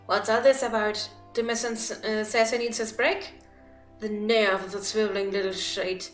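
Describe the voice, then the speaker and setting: A woman voicing a hot-tempered forest guard captain who rants in rough folksy speech while reading game dialogue aloud. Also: medium pitch, level tone, normal speed, echoey room, faint music behind, lightly acted. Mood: angry.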